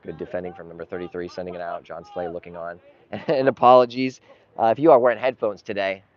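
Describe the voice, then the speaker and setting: A man's voice: low-pitched, little pitch movement, fast. Frustrated man calling his club's match. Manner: frustrated, bursts into yelling at bad calls. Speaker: club's live stream commentator. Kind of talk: partisan play-by-play commentary. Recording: dull lo-fi live stream audio with noise.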